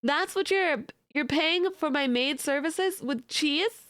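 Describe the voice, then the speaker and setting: A woman's voice: sits high, slow, a bit bright, no room sound, studio quality. A young adult woman streamer chatting casually with her audience, giggly and playfully teasing. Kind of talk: casual live-stream chat.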